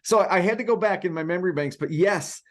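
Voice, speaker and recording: Chatty podcast co-host, lots of ums. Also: male voice, sits high, quick pace. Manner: rambling with many fillers and restarts. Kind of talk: casual podcast chat.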